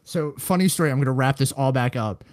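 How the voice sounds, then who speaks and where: A man co-hosting a casual chat show, telling long, rambling stories with lively energy. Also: mid-range voice, fast, no echo. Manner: rambling animated storyteller.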